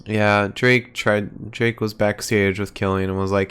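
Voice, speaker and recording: Laid-back man recapping in smooth tones. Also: unhurried. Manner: relaxed, low-key recapping with fillers. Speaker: podcast co-host. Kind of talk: casual chat.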